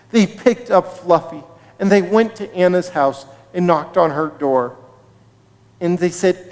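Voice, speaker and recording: Service leader narrating a kids' story: lively, high, unhurried, in a reverberant hall. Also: male voice. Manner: expressive, slow storytelling to children. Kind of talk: children's story at a synagogue service. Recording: reverberant sanctuary livestream.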